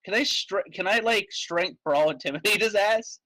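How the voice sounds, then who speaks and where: A man playing a tabletop game, his voice sitting a little high and leaping up and down as he gets worked up. He swears often and argues his case in excited bursts, recorded dry and close. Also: a little slow, no echo. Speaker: player.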